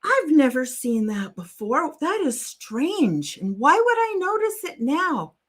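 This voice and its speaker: A woman's voice: high voice, sing-song, slow, heavily acted. Woman voicing a broken, weary talking disc. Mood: puzzled. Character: proud broken male disc, hurt and weary.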